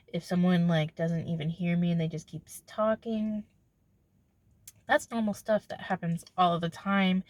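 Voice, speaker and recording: A woman's voice: lowish voice, no echo. A young woman vlogging casually to camera, rambling and breaking off mid-thought, acting out little exchanges and laughing often. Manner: rambling, self-interrupting, laughs often, acts out quoted exchanges. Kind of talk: casual confessional talk to camera.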